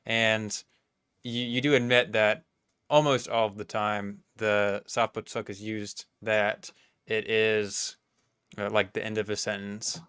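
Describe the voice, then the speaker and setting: A man hosting a podcast, asking questions in a casual, halting way. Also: on the low side, flat delivery, fairly bright tone, clean tone, dry recording, studio quality. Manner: inquisitive, halting. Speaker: podcast host. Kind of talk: casual interview.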